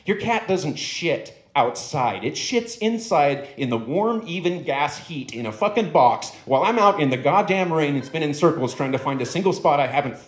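Brief: comedian playing an aggrieved, foul-mouthed dog on a rant, pitched up, echoey club. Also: male voice, expressive, normal speed, natural voice. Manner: aggrieved, profane, lecturing. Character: angry ranting male dog with a grievance.

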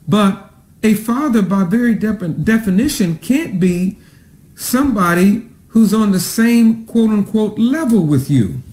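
A man preaching a sermon as a pastor, drawing out key words slowly for emphasis. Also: high voice, expressive, darkish tone. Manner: preaching with slow, drawn-out emphasis; greets online viewers by name. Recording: echoey room sound.

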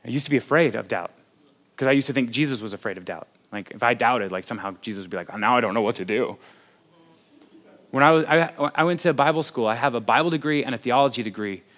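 A man's voice: medium pitch, lively intonation, fast talker, fairly bright tone. A man, a pastor preaching a sermon in a conversational, self-deprecating, joking way.

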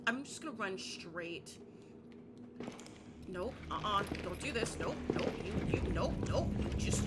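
A young woman playing a horror game and commentating, panicking, repeating herself and shouting at the game. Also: on the high side, background noise. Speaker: gaming YouTuber.

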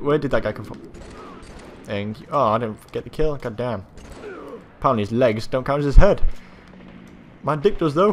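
A young man commentating his own gameplay, swearing freely, yelling at other players and boasting in jest. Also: medium pitch, expressive, measured pace, pauses often, a little hiss or hum. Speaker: gaming channel host.

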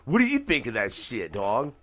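A man hosting a casual podcast radio show, talking loosely and swearing freely, his voice leaping up when he gets excited. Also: medium pitch, moderate pace. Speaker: podcast host. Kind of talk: casual profane radio chat.

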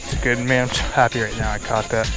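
A man talks casually to his viewers while fishing outside by a pond, easygoing and chatty, with a middle-pitched voice. His delivery is loose, full of ums and uhs. Faint music and crickets sit behind him. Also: level tone, fast. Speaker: fishing vlogger. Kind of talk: casual vlog talk to viewers. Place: outdoors by a pond.

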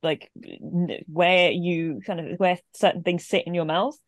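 A woman's voice: on the low side, fairly even intonation, measured pace, no room sound, clean studio sound. A woman co-hosting a podcast, chatting casually in a rambling way, full of "like". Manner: rambling, filler-heavy with "like". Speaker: podcast co-host. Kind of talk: casual chat.

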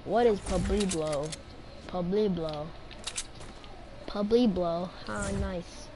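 A woman chatting casually while playing an online game with a teammate, excitable and often pleading or shouting. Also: fairly low pitch, slow pace. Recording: noisy game audio behind.

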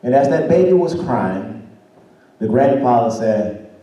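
A man's voice: mid-range voice, animated, measured pace. A man preaching a sermon and telling a story, answered by a congregation. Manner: call-and-response preaching, rising to shouts. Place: church sanctuary. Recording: roomy church sound from far off.

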